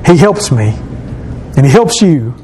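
A man's voice: a little high, big pitch swings, a little slow, mellow, a little hiss or hum, low-quality recording. A man preaching an emphatic sermon as pastor, repeating phrases for stress.

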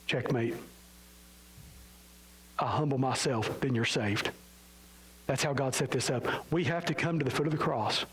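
A man preaching an evangelical sermon, impassioned, swinging from low, solemn lines to loud, high emphasis, with self-mocking asides. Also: moderate pace, poor audio.

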